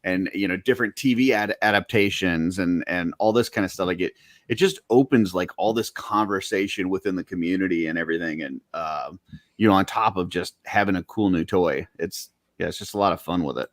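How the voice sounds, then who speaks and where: A man with a very deep voice talks casually as a podcast co-host. He rambles through long lists full of fillers and restarts. His mic sounds close and dry, with no room around it. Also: brisk, dry recording. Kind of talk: casual chat about collectible toys.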